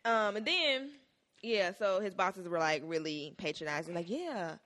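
A young woman co-hosting a casual podcast, chatting in an animated way with quick swings in pitch and loudness. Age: young adult. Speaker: podcast co-host. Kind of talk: casual chat recapping a TV episode.

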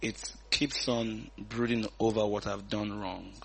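A man and pastor teaching the Bible in a relaxed conversation, reading verses aloud and chuckling often. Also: on the low side, a little slow, creaky.

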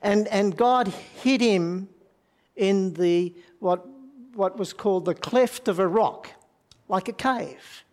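A man preaching a sermon in a reflective way, pausing often and restarting his sentences. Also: high voice. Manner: halting, with many restarts and fillers; reflective, asks the audience questions.

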